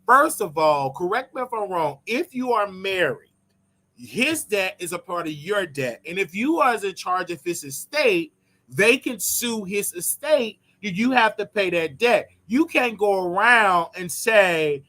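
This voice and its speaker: A man's voice: high-pitched, expressive, a little slow, bright, forceful tone. A man hosting his own commentary show, ranting in a sarcastic, provocative way. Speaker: host.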